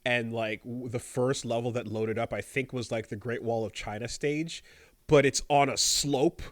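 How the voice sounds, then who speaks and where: A man co-hosting a podcast in casual banter, laid-back and halting, often trailing off quietly. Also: mid-range voice, steady tone, no room sound. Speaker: podcast co-host.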